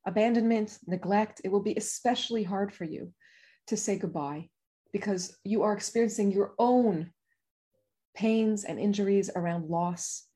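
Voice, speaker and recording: A woman speaking gently and soothingly to parents, giving calm reflective guidance. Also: mid-range voice. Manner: gentle, soothing, pausing to feel her emotions. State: emotional.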